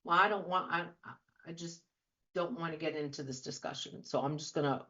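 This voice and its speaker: A woman's voice: low voice, fairly quick, pushed and bright. Earnest woman coaching on radio. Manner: earnest, repetitive rhetorical questions. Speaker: trauma and life coach, show host. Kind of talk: radio talk show monologue. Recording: dull lo-fi audio.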